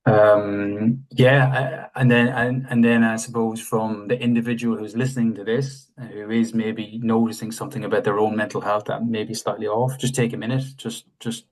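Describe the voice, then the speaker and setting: A man, a mental health advisor, giving calm, measured advice in a podcast interview and posing questions to the listener. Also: fairly low pitch, poor audio.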